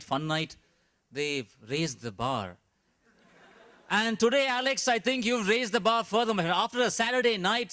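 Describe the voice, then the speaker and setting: Bright high-voiced male emcee. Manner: chatty, with many fillers and restarts. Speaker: contest emcee. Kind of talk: emceeing a speech contest.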